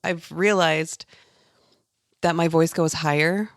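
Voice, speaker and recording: A young adult woman from Washington with a naturally low register, co-hosting a podcast in easy chatty talk that breaks into laughter often. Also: fairly even intonation, slow pace, dry recording, studio quality. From Washington State, USA. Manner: chatty, laughs easily, filler-heavy. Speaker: podcast co-host. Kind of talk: casual chat.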